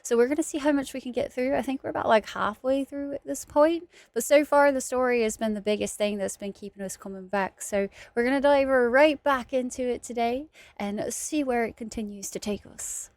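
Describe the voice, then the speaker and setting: A woman's voice: on the high side, fairly quick, hardly any pauses, darkish tone, no room sound. A woman streaming a video game, chatting casually and bubbly with her viewers as she plays. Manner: chatty, bubbly, chats with viewers while playing. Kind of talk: casual let's-play commentary.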